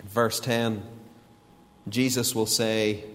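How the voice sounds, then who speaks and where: A man preaching a sermon, deliberate and emphatic, with a lot of repetition. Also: medium pitch, steady tone. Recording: long reverb of a large hall.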